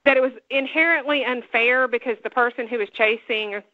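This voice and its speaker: A woman from Alabama with a Southern accent, co-hosting a casual chat, talkative and quick to laugh. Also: fairly high pitch, no room sound, phone-quality sound. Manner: chatty, laughs often, opinionated. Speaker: co-host.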